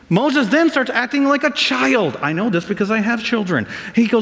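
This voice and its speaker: Animated preacher man in an echoing hall. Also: high-pitched, normal speed. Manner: lively and animated, acts out voices for comic effect. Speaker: pastor. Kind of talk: sermon. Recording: long reverb of a large hall.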